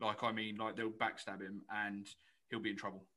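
A man's voice: fairly low pitch, flat delivery, brisk, bright, forceful tone. A young man, co-hosting a podcast in an easygoing, joking chat. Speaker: podcast co-host. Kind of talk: casual chat.

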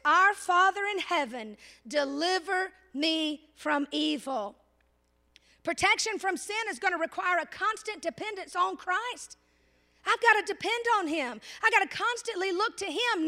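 High, bright-voiced woman preaching a sermon. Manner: animated, preaching with rhetorical questions and slowed emphasis; colloquial asides to the congregation.

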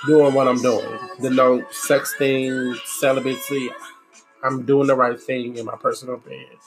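A woman talking bluntly and profanely in an exasperated, candid monologue. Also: deep voice. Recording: music playing behind the voice. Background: music.

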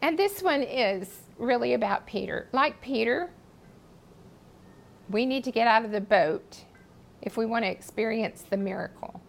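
Woman, high-ish voice with some fry, earnest devotional teacher, soft music behind. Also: low-quality recording. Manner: earnest, expressive storytelling with dramatic pauses. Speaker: speaker teaching a Bible study. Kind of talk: devotional teaching, reading scripture.

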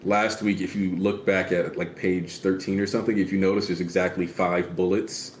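A man's voice: low-pitched, flat delivery, moderate pace. A man co-hosting a casual podcast, explaining manga details at length with many fillers. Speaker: podcast co-host. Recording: echoey room with faint noise.

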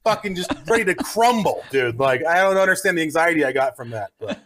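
A man telling a story in a casual podcast chat, swearing freely and acting out his own shouts. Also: fairly high pitch, lively intonation, fast. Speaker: podcast co-host.

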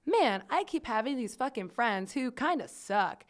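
A woman's voice: a little high, big pitch swings, measured pace. A woman podcast host telling a story in casual chat, chatty and swearing freely, with lots of "like" fillers.

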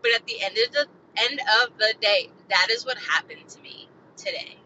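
A woman with a very bright, fairly high voice vents on a solo podcast, agitated and swearing as she rambles through her frustration. The recording is a little dull and lo-fi. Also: expressive, moderate pace, a little hiss or hum. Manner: agitated, profane, rambling venting. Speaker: podcast host.

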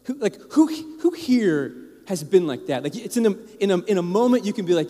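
A man delivers a sermon as an informal personal story, full of asides and restarts directed at the congregation. His voice sits a bit high for a man. The recording picks up the long reverb of a church sanctuary. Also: brisk, hardly any pauses. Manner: casual, animated, many restarts and asides to the congregation. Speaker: pastor.

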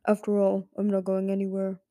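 A woman voicing a weary old male dragon who is slowly turning to stone, speaking in a slow, quiet, serious way. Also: mid-range voice, monotone, dry recording, studio quality, lightly acted. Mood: grave, sad. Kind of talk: audiobook character voice.

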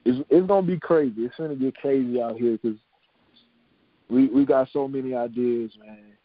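A man's voice: mid-range voice, moderate pace, dry recording, narrow, tinny audio. A man hosting a podcast, chatting casually, often repeating words and laughing as he signs off. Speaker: podcast host. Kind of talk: casual podcast sign-off chat.

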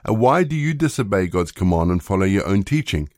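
A man reading the lines of Jesus as a calm, measured male teacher in a plain voice. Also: sits low, no room sound, studio quality. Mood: steady.

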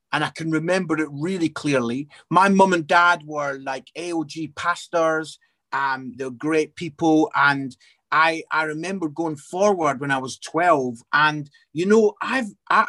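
A man, an evangelist and comedian, telling his faith story in an interview as an animated storyteller with many restarts. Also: fairly high pitch. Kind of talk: personal testimony in an interview.

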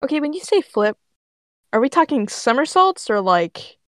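A woman's voice: sits high, big pitch swings, normal speed, a bit bright, no room sound, clean studio sound. A woman co-hosting a podcast, reading a fan story aloud and breaking off to react in dismay. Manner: reads narration, breaks off with dismayed asides.

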